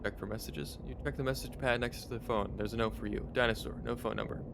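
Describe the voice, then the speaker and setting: A man's voice: medium pitch, steady tone, quick pace, creaky, background noise. Playful man reading a text adventure. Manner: playful, reading narration and typing commands. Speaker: streamer.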